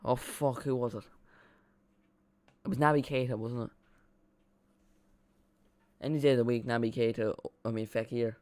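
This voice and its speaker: A man's voice: mid-range voice, steady tone, moderate pace, long pauses, a little mellow, no echo. A young Irish man chatting casually while streaming a football watchalong from home, rambling with frequent restarts. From Ireland. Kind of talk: casual live commentary.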